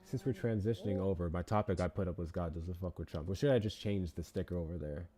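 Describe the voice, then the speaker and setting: A man with a low, warm voice hosts a casual livestream at a quick pace. He jokes, swears and reads donations out to the chat.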